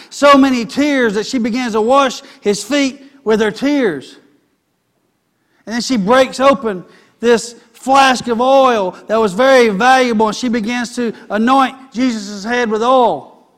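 A man's voice: extremely high pitch, a bit bright. A man preaching a sermon in a folksy, conversational way.

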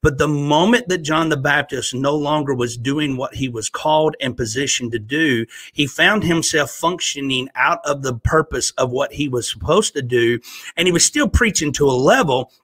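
A man's voice: fairly high pitch, moderate pace, fairly bright tone, breathy edge, no echo. A man with a Southern US accent, a guest on a faith podcast, preaching earnestly and slipping in self-mocking jokes. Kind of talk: casual faith podcast chat.

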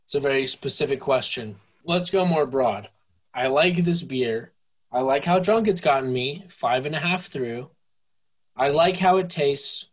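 A young man co-hosting a casual podcast, tipsy and playful, slipping into mock-infomercial pitches. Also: animated, unhurried. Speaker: podcast co-host. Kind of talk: casual drunk podcast banter.

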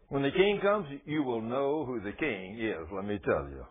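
A man preaching a folksy, animated sermon on the radio, swinging from soft, low passages to excited outbursts. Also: a little slow, long pauses, slight background noise. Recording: tinny phone-like radio sound.

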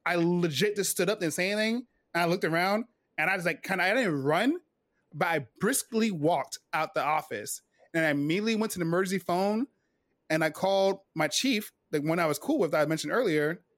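A man in his forties, a retired Navy veteran, telling a personal story in a casual interview, animated and full of fillers and restarts. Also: sits high, a little fast, no room sound, clean studio sound.

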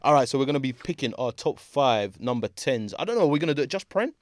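A man's voice: mid-range voice, lively intonation, fast talker, dry recording, clean studio sound. A young man hosting a podcast, laid-back and laughing often, full of slang. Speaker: podcast host. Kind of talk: casual chat.

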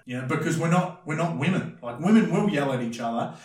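A man's voice: fairly high pitch, expressive, fast talker, darkish tone, far from the mic. A man, a former bouncer, telling blunt and crude stories in casual podcast chat, often acting out the voices of the people in them. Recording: echoey room, a bit off-mic.

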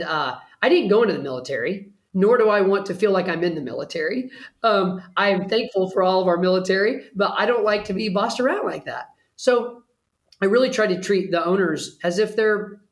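An earnest man speaks as a guest on an interview show, explaining and persuading in a relaxed, conversational way. His voice carries a noticeable room echo. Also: high voice, brisk. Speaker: pet trainer guest. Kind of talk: casual interview talk.

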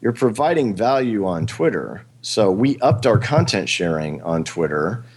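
A man's voice: lowish voice, big pitch swings, measured pace, husky. A man hosting a podcast in a rambling, casual chat, with frequent fillers. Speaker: podcast host.

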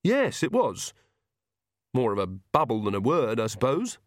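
A man's voice: medium pitch, wildly swooping pitch, measured pace, no echo, clean studio sound. A man voicing an earnest, firm young witch queen with a prim manner.

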